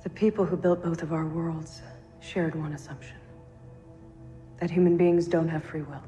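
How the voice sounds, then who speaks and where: An actress playing a resolute female android who speaks of free will in a slow, measured way, heard as a TV drama clip. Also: low voice, fairly even intonation, soft background music, lightly acted. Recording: TV drama clip under loud score.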